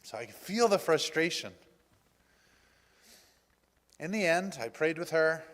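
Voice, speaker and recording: A male pastor giving a personal testimony in a church, telling his story in an animated way and acting out the dialogue. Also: on the high side, a little slow. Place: church sanctuary. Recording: reverberant church hall.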